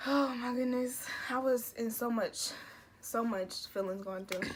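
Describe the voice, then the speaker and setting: A woman's voice: a little high, unhurried, a little hiss or hum. A young woman vlogging casually, retelling an emotional story with lots of fillers and restarts. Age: young adult.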